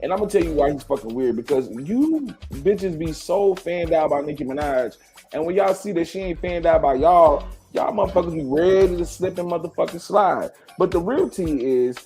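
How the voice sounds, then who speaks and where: A man's voice: a little high, big pitch swings, normal speed, mellow, soft background music. A man hosting a live gossip stream, ranting in heated, profane commentary straight to his viewers.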